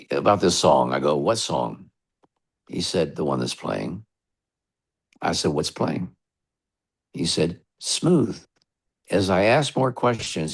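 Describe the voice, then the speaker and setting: A middle-aged man, a radio DJ, telling long rambling stories in an interview with relaxed asides. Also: low voice, gravelly. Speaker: radio DJ guest. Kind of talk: storytelling interview.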